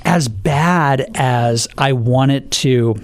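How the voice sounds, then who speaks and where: A man's voice: mid-range voice, extremely slow, no room sound. Earnest man telling his story. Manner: earnest storytelling, repeats phrases. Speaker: guest. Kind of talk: testimony in a podcast interview.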